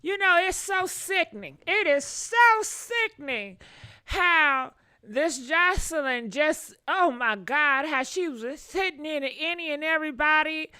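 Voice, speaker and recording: Woman, gossip host, high bright voice, slow delivery, dry close sound. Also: no echo. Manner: animated, exclamatory, talks to chat directly. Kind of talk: live gossip commentary.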